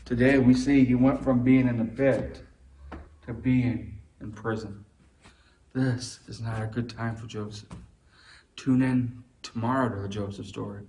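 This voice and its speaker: A missionary teacher telling a Bible story to children in an animated, expressive way. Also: male voice, medium pitch, a little hiss or hum.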